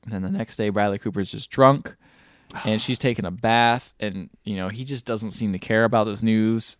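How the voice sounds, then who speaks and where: A man's voice: on the low side, moderate pace, no room sound, studio quality. Chatty man recapping a movie. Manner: rambling, filler-heavy retelling with many likes. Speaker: podcast co-host. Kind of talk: casual movie recap chat.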